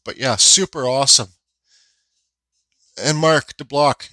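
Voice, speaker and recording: A bright, somewhat high-voiced man rambles casually through his workshop vlog, full of fillers and restarts. He says he feels unwell, and his voice is recorded close and dry with no room sound. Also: normal speed, dry recording, poor audio. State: feeling unwell. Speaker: woodcarving channel host.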